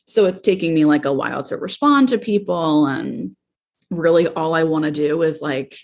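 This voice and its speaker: Low gravelly woman therapist, thirties, podcast host, candid and halting, lots of "like". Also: a little mellow. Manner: reflective, candid, halting with fillers. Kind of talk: personal podcast monologue.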